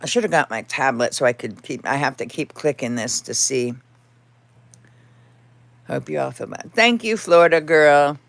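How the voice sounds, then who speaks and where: A woman's voice: low voice, expressive, moderate pace, vocal fry. A woman hosting a casual home livestream, talking candidly and rambling, with a cat meowing now and then. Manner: rambling, candid, talks to her cats and chat. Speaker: livestream host.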